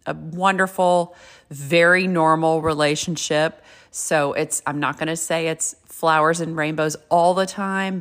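A low-voiced woman in her fifties speaks with candor about her own life. She talks in a frank, chatty way and swears casually as she shares her story and offers advice. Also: fairly bright tone. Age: 50s. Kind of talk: candid personal storytelling and advice.

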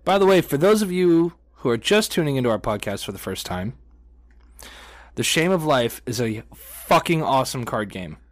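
A man's voice: mid-range voice, big pitch swings, moderate pace, no room sound. A man co-hosting a podcast in casual chat, laid-back and jokey, often trailing off and restarting. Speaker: podcast co-host.

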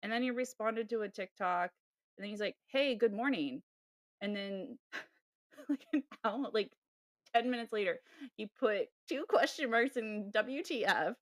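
A woman co-hosting a podcast, telling a dating story in a casual, animated way with sighs and laughs. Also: on the high side, measured pace, no echo, clean studio sound. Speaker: podcast co-host. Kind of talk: casual chat.

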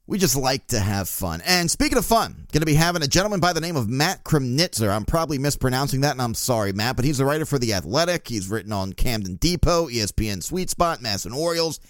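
A man hosting a podcast, telling stories in a casual, profane, animated way. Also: mid-range voice, fast talker, hardly any pauses, dry recording, clean studio sound. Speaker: podcast host. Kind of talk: casual monologue.

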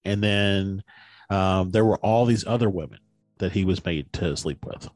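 A man's voice: low voice, unhurried, darkish tone, no room sound. A man on a podcast casually retelling a story in a rambling way, with many fillers and restarts.

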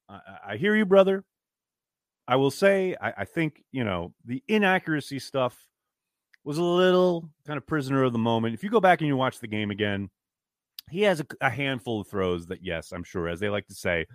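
In a dry, studio-quality recording, a mid-range male podcast host reads fan comments aloud during a casual live-stream chat. He responds frankly, sounding downbeat and exasperated, and swears freely.

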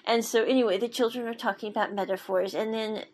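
A woman's voice: a little high, fairly even intonation, quick pace, darkish tone, a little hiss or hum. A woman casually recapping a story, rambling and digressive with many fillers and restarts. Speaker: show recapper.

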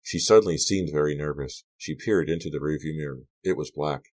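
A man's voice: very deep voice, a little fast, a little mellow. A man reading a young adult horror novel aloud as an audiobook narrator, giving the characters' lines small shifts of voice.

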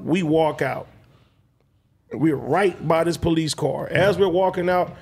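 A man's voice: fairly high pitch, a little mellow. A man telling a long personal story in casual, slang-heavy, swearing chat.

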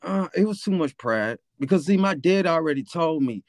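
A man's voice: a little high, animated, normal speed, no room sound. A young man with a Memphis accent, casually telling a profane, rambling story as a podcast host. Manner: laid-back, profane, rambling with fillers.

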